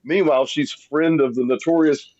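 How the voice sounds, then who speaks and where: A man's voice: fairly high pitch, steady tone, moderate pace, darkish tone, no echo, lo-fi sound. A man joining a podcast as a guest, chatting casually with dry, wry remarks. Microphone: phone or remote call.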